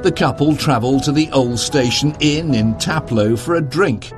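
A man narrating a documentary from a script, steady and matter-of-fact, at a middle pitch. Music plays clearly behind his voice. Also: moderate pace.

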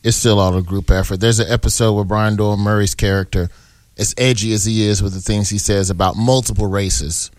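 A man's voice: fairly low pitch, steady tone, a little fast, darkish tone, dry recording. A man talking in a casual, slangy, laid-back way, often laughing, as a guest on a radio talk show. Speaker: actor guest. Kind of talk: casual chat.

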